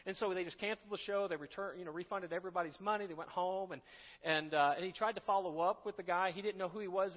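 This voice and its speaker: Man preaching in a conversational style, high voice, long reverb. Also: lo-fi sound. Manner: conversational, with asides and restarts. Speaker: pastor. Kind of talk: sermon.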